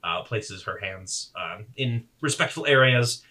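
A man narrating as game master of a tabletop game, casual and halting. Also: on the low side, animated, bright, forceful tone, far from the mic.

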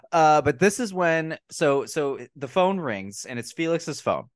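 A man hosting a casual movie review podcast, recapping scenes in a profane, mocking, animated way. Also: a little high, moderate pace, few pauses, no echo, studio quality. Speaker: podcast host.

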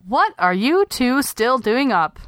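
A woman's voice: on the high side, big pitch swings, slow, a bit bright, no room sound, clean studio sound, voice pushed up, exaggerated voice. A woman voicing a happy, confident fisherman father who talks in an upbeat, cheerful way.

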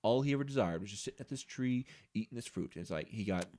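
A man's voice: on the low side, lively intonation, fast, warm tone. A middle-aged man co-hosting a podcast, chatting casually and telling stories earnestly and with feeling. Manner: earnest, emotional storyteller. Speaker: podcast co-host. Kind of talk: casual chat about faith and books.

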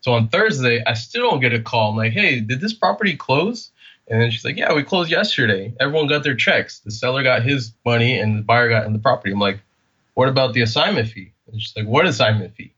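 A man's voice: mid-range voice, fast, muffled recording. A man from California, a podcast guest, telling a story in a casual interview and acting out the quoted dialogue. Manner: animated, acts out quoted dialogue.

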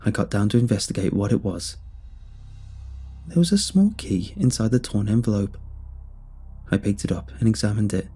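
Male horror storyteller, deep-ish and husky, measured delivery. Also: sing-song, warm tone, faint music behind. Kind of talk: scripted first-person horror narration.

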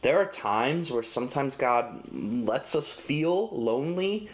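A man's voice: medium pitch, lively intonation, slow. A young man and father preaching a devotional sermon in an earnest, conversational way, with casual fillers. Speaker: pastor.

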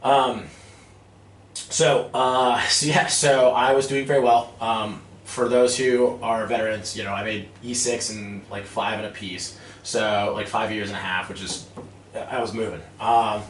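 A man in his thirties telling a lively story about his army days, acting out quotes and laughing often. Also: lowish voice, measured pace. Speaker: guest, army veteran turned real estate investor. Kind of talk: casual storytelling interview. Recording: roomy, distant mic with faint noise.

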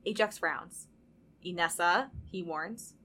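A young woman podcast co-host narrating fan fiction aloud, with animated bursts when reading dialogue. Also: medium pitch, fairly quick.

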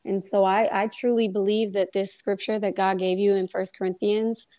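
A young woman, a guest on a faith podcast, tells a personal testimony in a lively, casual way and acts out the voices in her story. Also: medium pitch, moderate pace.

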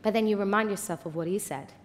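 A woman pastor preaching a passionate sermon in a large church hall, swinging from hushed tones to loud declarations. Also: medium pitch, fast talker, a little hiss or hum. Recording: long hall reverb.

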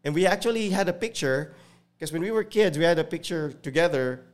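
Animated man telling stories. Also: a little high, fairly quick. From United States (Virginia). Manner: animated, switches freely between English and Tagalog. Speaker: guest. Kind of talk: casual conversational storytelling.

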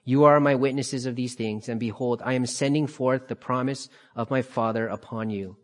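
A man teaching a Bible study, calmly explaining passages and repeating key phrases for emphasis. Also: medium pitch, normal speed.

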